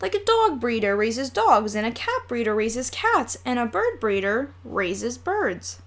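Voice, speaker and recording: A woman's voice: a little high, big pitch swings, a little slow. A woman voicing a bossy, self-assured preteen girl, talking confidently and persuasively. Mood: explaining.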